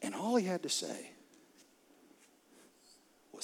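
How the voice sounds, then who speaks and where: Male pastor, sermon delivery, dramatic storyteller, slightly high voice. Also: normal speed. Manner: dramatic storytelling, drops to near whispers and rises to loud outbursts.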